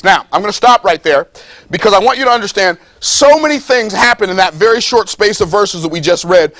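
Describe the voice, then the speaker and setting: Preaching to a live crowd at a business seminar, this man's high-pitched voice is animated and somewhat bright as he delivers a motivational talk. Emphatic and playful, he repeats phrases, voices the people he quotes, and slows down to read scripture, all with no room sound.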